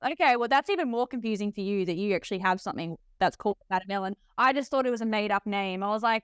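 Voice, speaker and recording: A young Australian woman hosting a podcast interview, chatty and enthusiastic, talking fast with lots of laughs in her voice. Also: medium pitch, smooth, no echo, studio quality. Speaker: podcast host, nurse. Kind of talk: casual interview chat.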